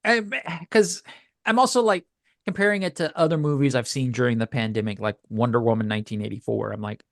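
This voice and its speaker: A man co-hosts a podcast in a casual review chat, rambling hesitantly with lots of fillers and restarts. His voice is medium-pitched and fairly quick, with studio-quality sound and no echo.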